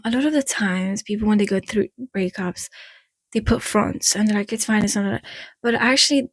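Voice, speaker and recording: A woman with an Eastern European accent chats casually to the camera, giving frank breakup advice in her vlog. She keeps drifting from the point and laughing at herself, and her mid-range voice has no echo.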